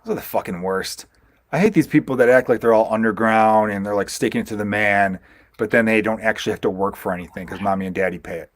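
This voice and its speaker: A man's voice: lowish voice, fast, no room sound, studio quality. A man hosting a podcast, telling long rambling stories and swearing freely in casual chat. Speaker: podcast host, stand-up comedian.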